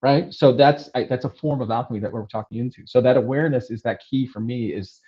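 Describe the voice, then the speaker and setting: A man of middle pitch talks in an earnest, casual way, stumbling over repeated words and checking in with "right?". The sound is a little dull and lo-fi. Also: fast. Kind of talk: casual conversation.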